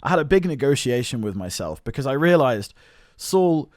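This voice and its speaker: A man in his twenties with a British accent, talking through his struggles as a solo podcast host, earnest and self-questioning, swinging between loud bursts and low mutters. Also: sing-song, fast, no room sound, studio quality. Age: 20s. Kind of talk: reflective solo podcast monologue.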